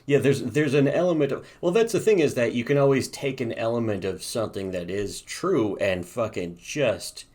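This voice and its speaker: A man's voice: medium pitch, normal speed, few pauses, darkish tone. A man co-hosting a podcast, chatting casually and sarcastically about webcomics, rambling and swearing a lot. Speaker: podcast co-host reviewing webcomics. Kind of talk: casual profane podcast chat.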